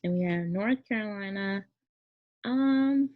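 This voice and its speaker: A woman teacher talks through a casual classroom lesson, chatty and rambling, with lots of fillers and quick self-corrections. Her voice sits a little low. The recording sounds dull and lo-fi. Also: dry recording. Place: near Memphis, Tennessee.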